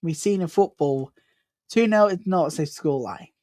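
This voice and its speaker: A woman's voice: on the low side, normal speed, dry recording. Woman commentating live football, dry close sound. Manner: chatty play-by-play, builds excitement on attacks. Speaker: host of a live football watchalong.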